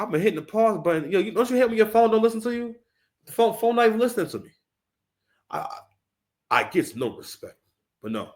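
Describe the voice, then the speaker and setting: A man hosting his own vlog in casual chat, hyped and repeating himself, with stammering restarts. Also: a little high. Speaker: channel host.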